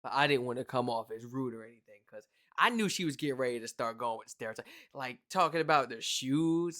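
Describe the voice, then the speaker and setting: An American reaction video host giving casual commentary, animated and exclaiming, with slangy asides. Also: mid-range voice, brisk, few pauses. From United States.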